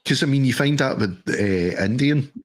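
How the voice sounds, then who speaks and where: A man's voice: medium pitch, lively intonation, normal speed. A middle-aged man in casual chat on a podcast, telling jokey, sweary anecdotes. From Scotland. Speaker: podcast co-host.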